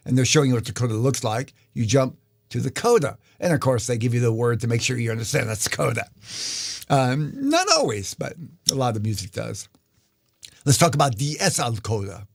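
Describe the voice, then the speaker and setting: A man leads a live online guitar lesson, walking viewers through the notation one step at a time. His delivery is unhurried and conversational, sprinkled with ums and restarts. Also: medium pitch. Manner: relaxed, explanatory, many fillers. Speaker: guitar teacher.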